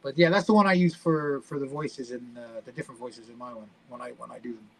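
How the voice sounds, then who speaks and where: A man's voice: mid-range voice, fairly even intonation, fast talker, gravelly, slight background noise, poor audio. A British man chatting casually as a podcast guest, talkative and swearing freely. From United Kingdom. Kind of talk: casual chat.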